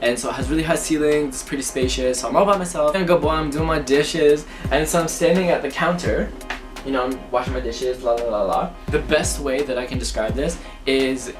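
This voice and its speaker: A young man telling spooky personal stories to camera in a lively, chatty way. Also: mid-range voice. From Canada. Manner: lively, chatty, acts out his reactions, laughs often. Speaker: vlogger. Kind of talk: casual storytelling to camera. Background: background music.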